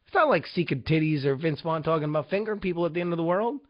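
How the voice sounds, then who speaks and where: A man's voice: on the high side, lively intonation, fast, few pauses. A young man hosting a casual weekly talk show, rambling in a profane, sarcastic way about upcoming releases. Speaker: host. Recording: dull lo-fi recording.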